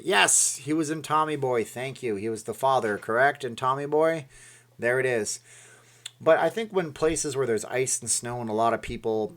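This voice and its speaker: A middle-aged man from Saskatchewan hosts a loose live stream. He rambles chattily from one topic to the next and answers viewers' comments as he goes. His voice sits at an ordinary middle pitch. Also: fairly bright tone. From Saskatchewan, Canada. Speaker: channel host. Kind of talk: casual live-stream chat.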